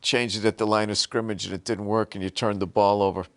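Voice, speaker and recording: A man's voice: lowish voice, little pitch movement, quick pace, fairly bright tone, dry recording. A man hosting a podcast, ranting sarcastically with lots of swearing. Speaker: podcast host. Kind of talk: comedic rant.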